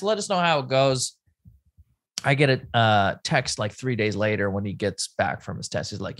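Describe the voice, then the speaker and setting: A man with a middle-range voice tells a story on a relaxed podcast. He quotes each person in a play-by-play style and keeps his tone conversational. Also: mid-range voice, normal speed. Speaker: podcast co-host. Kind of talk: casual storytelling.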